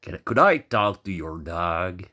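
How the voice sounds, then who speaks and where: A man plays a calm, polite stranger who asks gentle questions in an easy, slow voice. The pitch moves freely. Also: exaggerated voice.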